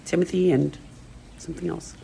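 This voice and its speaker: A woman's voice: on the low side, steady tone, moderate pace, gravelly, dark tone, a little hiss or hum, rough recording. A middle-aged woman rambling emotionally in a personal video monologue. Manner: rambling, emotional, stream-of-consciousness. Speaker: vlogger.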